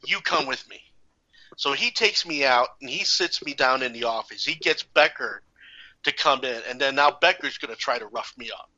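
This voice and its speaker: A man telling a casual story in an animated way, acting out the people in it. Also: medium pitch, normal speed, lo-fi sound. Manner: animated, acts out the characters. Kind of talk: casual anecdote.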